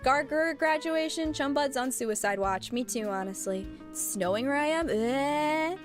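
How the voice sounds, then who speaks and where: A woman streamer chatting casually with her viewers, animated and blunt, laughing often. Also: sits high, normal speed, over music.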